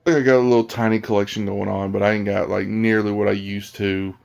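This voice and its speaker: A man's voice: lowish voice, flat delivery, quick pace, vocal fry, darkish tone, lo-fi sound. A man vlogging about games in a blunt, rambling casual rant, often restarting his sentences. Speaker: gaming vlogger.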